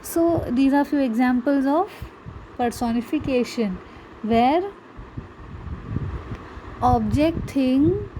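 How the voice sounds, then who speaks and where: A woman's voice: a little high, mellow, slight background noise, poor audio. A woman teaching a grammar lesson, patiently explaining and asking her students rhetorical questions. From India. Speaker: English teacher.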